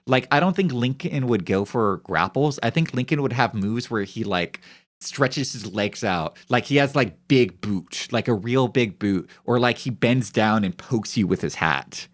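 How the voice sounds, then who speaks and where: A young man streaming, chatting casually in rambling, profane, joking banter. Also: medium pitch. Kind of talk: casual chat on a live stream.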